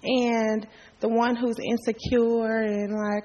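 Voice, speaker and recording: A woman's voice: on the high side, flat delivery, slow pace, dark tone, in a large hall, highs cut off. A woman sharing a hesitant, casual testimony with a church group.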